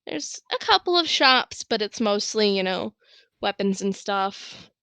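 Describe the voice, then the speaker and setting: A woman narrating a tabletop game as game master, in a casual way with quiet asides. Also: mid-range voice, lively intonation, unhurried, smooth, dry recording.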